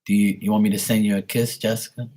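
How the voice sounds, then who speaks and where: A man's voice: lowish voice, flat delivery, fast talker, dark tone. A man hosting a casual live stream and chatting with viewers, speaking bluntly with plenty of profanity and a rambling flow.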